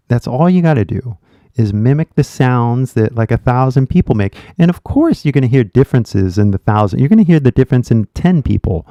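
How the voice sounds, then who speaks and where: A man's voice: mid-range voice, creaky, dark tone, no room sound. A man with a Californian accent giving casual livestream English coaching, blunt and rambling with swearing, on dull lo-fi stream audio.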